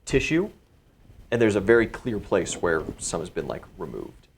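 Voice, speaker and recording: A man narrating a tabletop game as game master, describing scenes at an unhurried pace. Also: sits low, sing-song, a little hiss or hum.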